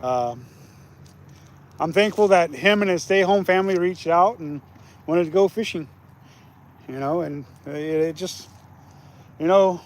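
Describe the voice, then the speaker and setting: A high-pitched man in his forties chats easily while he fishes outdoors, hosting a live stream for his viewers. He laughs a lot and cheers loudly when something bites. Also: unhurried, pauses often, slight background noise. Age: 40s. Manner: laughs often, gets loud and excited when a fish bites. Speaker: fishing channel host. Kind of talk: casual live-stream chat while fishing. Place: outdoors by the water.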